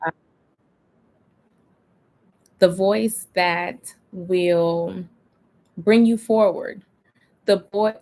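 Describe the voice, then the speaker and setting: A woman's voice: on the low side, darkish tone. A woman life coach giving a casual, preachy talk on a live stream, stretching out key words for emphasis. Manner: conversational, preachy, drawn-out emphasis. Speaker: life coach and spiritual guide.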